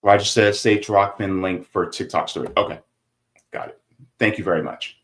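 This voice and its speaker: A man hosting a casual livestream, reading viewer comments aloud and chatting, growing loud and animated when heated. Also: on the low side, moderate pace, a little hiss or hum. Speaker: livestream host.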